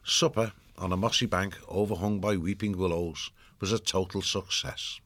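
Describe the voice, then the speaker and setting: A man reading a storybook aloud as narrator, in a measured, expressive way. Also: sits low, no room sound. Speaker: audiobook narrator.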